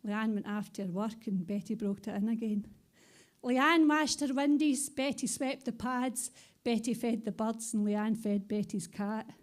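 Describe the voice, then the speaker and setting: A Scottish woman recites Scots-laced poetry live in a bar, her rhythmic delivery bouncing along. Her voice sits on the higher side, and she reads into a stage microphone. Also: measured pace. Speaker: poet. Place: bar venue, live event.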